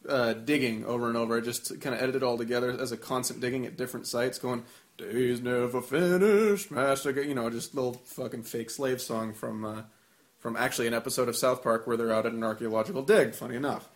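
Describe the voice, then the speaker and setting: A man on a podcast, rambling and animated in casual chat, swearing freely. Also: medium pitch, quick pace.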